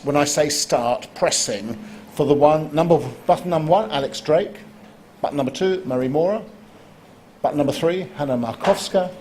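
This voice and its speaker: A man hosting a live competition, joking wryly and bursting into excited exclamations. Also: medium pitch, a little hiss or hum. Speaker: competition host. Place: conference stage before an audience.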